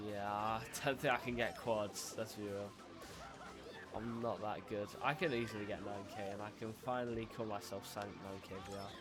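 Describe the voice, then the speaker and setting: A man's voice: lowish voice, steady tone, moderate pace, pauses often, music in the background. A young man streaming and chatting casually while gaming, laid-back and rambling, often restarting his sentences.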